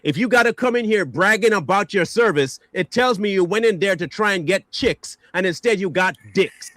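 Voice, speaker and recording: A man's voice: high voice, animated, normal speed, fairly bright tone, no echo. A man hosting a stream, delivering an angry, mocking reaction rant full of insults. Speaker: stream host.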